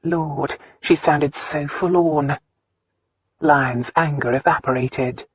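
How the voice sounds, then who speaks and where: Husky woman narrating a romance audiobook. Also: sits low, takes it slowly, dull audio. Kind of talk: scripted narration.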